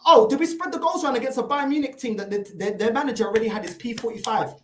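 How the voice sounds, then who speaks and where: Exasperated woman ranting, high bouncy voice, roomy echo. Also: fast. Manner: exasperated, mocking, repeats "bro". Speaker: panelist. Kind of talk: heated fan rant. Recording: echoey room.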